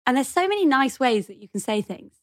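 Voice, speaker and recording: A young English woman in a casual chat, explaining her thoughts in an animated, reflective way. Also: sits high, fast. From England. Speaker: musician guest.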